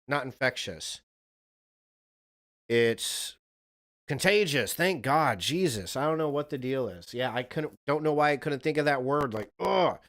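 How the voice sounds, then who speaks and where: A man's voice: mid-range voice, animated, unhurried, a bit bright. A man live-streaming a casual reaction chat, rambling, swearing and talking to a viewer in chat.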